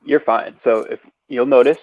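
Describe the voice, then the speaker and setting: A man's voice: medium pitch, fairly even intonation, moderate pace, no echo, phone-quality sound. A man giving sports betting picks on a podcast, ranting and swearing, then apologizing for it. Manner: ranting, profane, apologetic asides. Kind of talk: casual sports betting talk. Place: a different place than usual.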